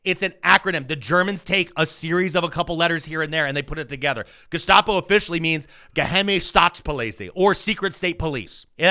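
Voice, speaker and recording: A man co-hosting a podcast, ranting angrily and swearing a lot as he swings between loud outbursts and low mutters. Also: clean tone. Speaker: podcast co-host. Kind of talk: heated political rant.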